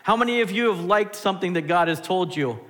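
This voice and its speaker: A man preaching a sermon as pastor, animated, swinging between loud and hushed. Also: sits high, brisk. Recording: long hall reverb.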